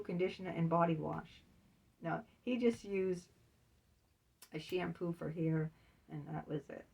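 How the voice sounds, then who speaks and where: A woman's voice: fairly low pitch, creaky, darkish tone, slightly rough, distant mic. A woman telling a candid personal story in a casual vlog, chatty and laughing between lines. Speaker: author and vlogger.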